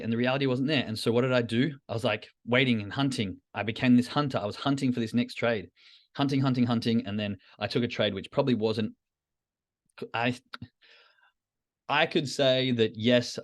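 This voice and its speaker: A man hosting a podcast, talking candidly and self-critically to a live chat, often repeating phrases for emphasis. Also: fairly low pitch. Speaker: trading podcast host. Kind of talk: reflective solo talk to a live chat.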